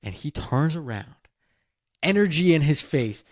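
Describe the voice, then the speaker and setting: A man hosting a podcast, telling a story in an animated, enthusiastic way. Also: a little high, a little slow, no room sound, studio quality. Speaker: podcast host. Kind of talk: casual podcast chat.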